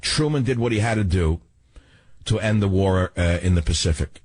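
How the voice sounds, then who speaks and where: A man's voice: mid-range voice, dry recording. A man hosting a talk radio show, delivering a combative, ranting monologue full of rhetorical questions.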